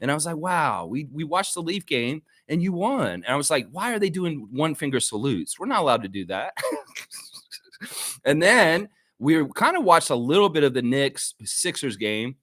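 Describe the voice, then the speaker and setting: Loud, high-pitched, profanity-laced male fan ranter. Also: normal speed, no echo. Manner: profane, mocking and animated, reads chat comments aloud. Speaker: host of a fan livestream. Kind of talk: ranting live fan commentary. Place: friend's home.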